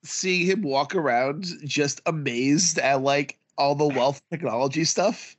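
Low, husky woman, lively chat. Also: a little slow. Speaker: podcast co-host. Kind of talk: casual chat.

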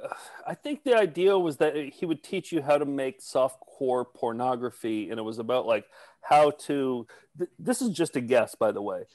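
A man co-hosting a comedy video podcast in casual chat, with jokey, self-mocking, deadpan patter. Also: medium pitch, normal speed, no echo, rough recording. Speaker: podcast co-host.

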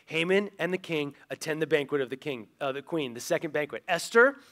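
A male pastor tells a story from the pulpit with a fairly high voice. He is animated and casual, slipping into the voices of the people in the story. His sermon rolls along in storytelling mode. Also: brisk. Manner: animated, acts out quoted characters.

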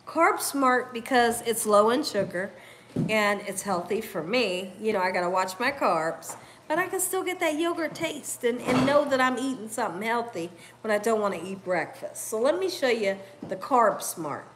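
Hosting a cooking live stream, a middle-aged woman reads comments from viewers, laughing a lot and calling them "y'all" in a casual, direct way. Her voice is fairly high and animated at normal speed, with background noise.

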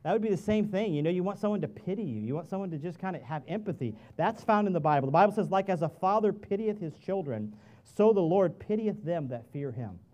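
High-voiced pastor preaching a conversational sermon. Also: male voice, lively intonation, fast talker, muffled recording. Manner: conversational preaching that swings between soft asides and loud emphatic peaks. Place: church sanctuary.

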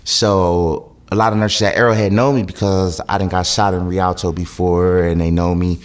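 A man's voice: deep voice, little pitch movement, moderate pace. A man from California, a podcast guest, telling a story in casual chat, acting out other people's lines and swearing freely.

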